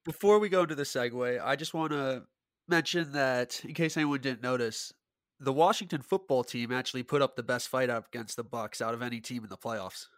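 A man's voice: mid-range voice, fairly quick, no room sound. Dude rambling about football on a podcast, restarts his sentences, dry mic. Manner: rambling, self-correcting. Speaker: podcast co-host. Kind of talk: casual sports chat.

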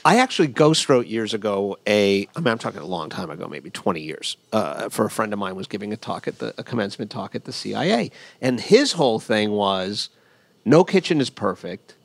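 A man's voice: on the low side, lively intonation, brisk, gravelly, few pauses, dry recording. Man, middle-aged, interview host, digressive, inquisitive, dry close sound. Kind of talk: casual conversational interview.

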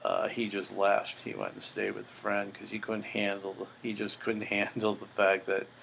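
A man's voice: lowish voice, monotone, normal speed, gravelly, a bit bright, slight background noise, poor audio. An older man hosting a podcast, telling a story in a blunt, profane, boastful way. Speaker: podcast host. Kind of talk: casual storytelling monologue.

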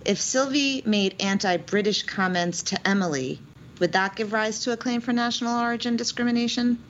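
A woman co-hosting a legal podcast, speaking in a measured way and posing questions to her guests. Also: fairly high pitch. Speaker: podcast co-host. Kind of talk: conversational legal podcast discussion. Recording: dull lo-fi audio with faint noise.

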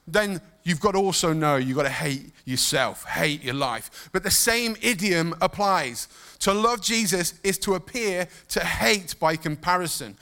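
A man preaching a sermon, telling stories with emotion and dropping suddenly soft. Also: high-pitched. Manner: emotional, animated storytelling with sudden soft drops.

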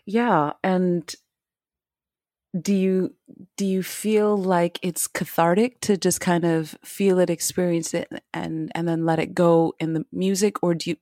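A woman with a lowish voice hosts a relaxed interview. She asks long, halting questions full of fillers and laughs easily, and her voice sounds dry and close. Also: dry recording. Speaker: interview host. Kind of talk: casual interview conversation.

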